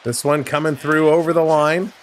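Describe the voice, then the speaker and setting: A man's voice: fairly high pitch, steady tone, moderate pace. A tired man hosting a livestream, calling a hockey game play by play and chatting with viewers between plays. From Canada. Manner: chatty, running play-by-play while answering viewers. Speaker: livestream host. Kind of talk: play-by-play commentary with chat replies.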